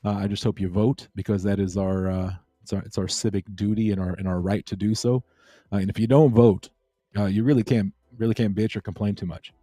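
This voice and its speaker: A man's voice: lowish voice, steady tone, brisk, mellow, dry recording, clean studio sound. A man hosting a casual crypto livestream, rambling and laid-back as he chats with viewers. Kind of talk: casual late-night livestream chat.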